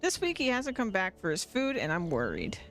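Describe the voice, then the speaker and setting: Streamer doing a worried villager guy in a game, pleading, bouncy pitch. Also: huge pitch swings, a little fast, fairly bright tone, faint music behind. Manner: fretful, pleading. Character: fretful villager who lost his cat.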